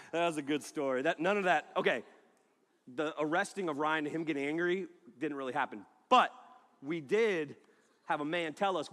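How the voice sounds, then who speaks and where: A man preaching a sermon to a live audience, telling a funny story in an animated way, laughing and shouting as he acts out the scene. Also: fairly high pitch. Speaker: youth pastor. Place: large hall. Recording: echoey hall with long reverb.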